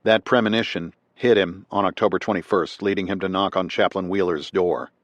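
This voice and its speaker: Male audiobook narrator, low voice, dry booth sound, measured scripted delivery. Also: no echo, muffled recording. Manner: measured, steady reading.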